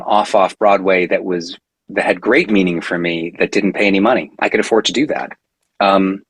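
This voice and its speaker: A husky, somewhat low-voiced man in his forties recounting a story on a podcast. He talks casually and animatedly, full of fillers and self-corrections. The sound is dry and close to the mic. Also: dry recording, poor audio. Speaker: podcast guest, actor.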